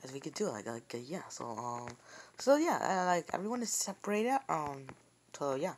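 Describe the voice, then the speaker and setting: A woman's voice: deep voice, very animated, moderate pace, slight background noise. A woman giving live commentary while playing a game, rambling and jumpy, with many fillers and repeated words. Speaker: gamer.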